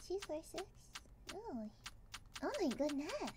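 A woman streaming a game and chatting casually with viewers, bubbly and excitable, rambling with exclamations. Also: high-pitched, measured pace, pauses often, very noisy. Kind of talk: casual livestream chat while gaming.

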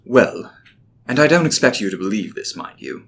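Brief: man doing a thoughtful professor, low voice, lively pitch. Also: moderate pace, creaky, breathy edge, heavily acted. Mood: reflective. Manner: reflective, storytelling. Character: middle-aged male archaeology professor.

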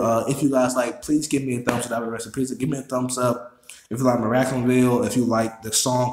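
A man rattles off his reaction commentary at a fast clip, excitable and full of swearing, often repeating his words. His voice sits at a middle pitch and carries a roomy echo from the space he records in. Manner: excitable, profanity-heavy, repeats himself. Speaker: YouTube reaction host.

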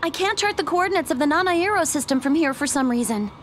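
Young space officer gal, earnest and straightforward, high voice, game cutscene. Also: female voice, expressive, quick pace, noisy background.

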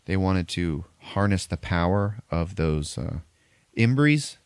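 Deep-voiced man recapping a movie. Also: lively intonation, slow pace, clean tone, no room sound. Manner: loose, profane storytelling. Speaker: podcast host.

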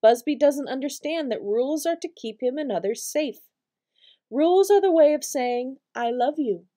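A gentle, loving God, as a woman voices him in a storybook, speaking calmly and reassuringly. The tone is mellow and soft, pitched a little high. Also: normal speed. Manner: calm, reassuring. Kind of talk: storybook reading.

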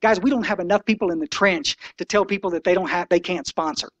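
A man's voice: sits high, fast, fairly bright tone, dry recording. A man in his sixties giving an impassioned, folksy talk to a recovery meeting, preachy and blunt.

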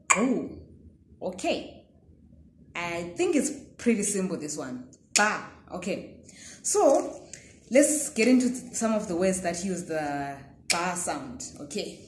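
A woman teaching a language pronunciation lesson, speaking patiently, repeating words slowly and often saying "okay". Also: lowish voice, a little mellow, roomy sound, slight background noise.

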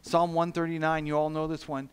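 A male pastor preaching a sermon in a church, earnest, shifting from soft, quiet lines to loud, emphatic ones. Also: on the high side, completely flat delivery, a little fast, clean tone. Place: church sanctuary.

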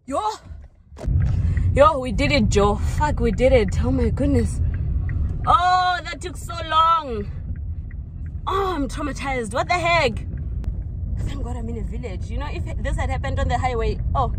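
A young woman from South Africa chatting casually to her viewers while driving, flustered, often exclaiming and laughing at herself. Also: a little high. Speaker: vlogger. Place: inside a car on rural roads. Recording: car and road noise. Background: car and road noise.

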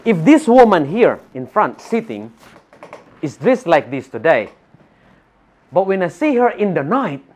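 A Filipino-accented man preaching in a church, his fairly high voice swinging widely up and down. He reads scripture aloud and keeps firing questions at the congregation. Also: measured pace, pauses often. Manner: animated, asks the congregation rhetorical questions. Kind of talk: sermon with Bible reading.

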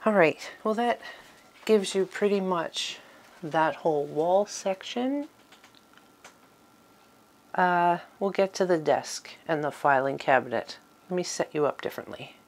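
A middle-aged woman giving a relaxed, chatty tour of her small home craft room. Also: on the low side, measured pace, pauses often. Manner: chatty, with fillers and little laughs. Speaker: vlogger giving a studio tour. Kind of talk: casual tour talk.

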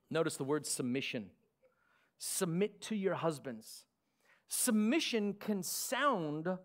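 A male pastor with an Australian accent preaching a sermon, lively with sarcastic asides. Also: high voice.

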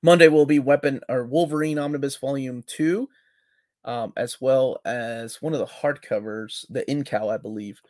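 A man co-hosting a live comics talk stream, relaxed and joking, loudly greeting people in the chat. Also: mid-range voice, moderate pace, dry recording, studio quality. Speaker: co-host of a live comics show.

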